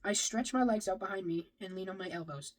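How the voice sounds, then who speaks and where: A woman's voice: medium pitch, fairly quick, poor audio. A woman reading a novel aloud in the first person, now and then stumbling and rereading a phrase. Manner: first-person storytelling with occasional slips and rereads. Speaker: reader.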